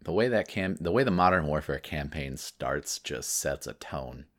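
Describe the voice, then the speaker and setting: Very deep-voiced laid-back man. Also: expressive, moderate pace, fairly bright tone. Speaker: podcast co-host. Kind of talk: casual chat on a live stream.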